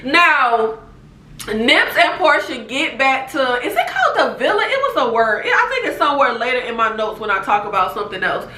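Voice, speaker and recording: A woman's voice: high-pitched, normal speed. A woman giving a casual TV show recap, laughing often and talking straight to her viewers. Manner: animated, laughs often, talks to viewers as "baby" and "y'all". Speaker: TV recap vlogger. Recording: echoey room.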